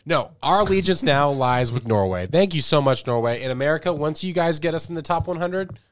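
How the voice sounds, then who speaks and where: A man co-hosting a casual comedy podcast, bantering quickly and joking. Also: fairly high pitch, lively intonation, no room sound. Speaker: podcast co-host.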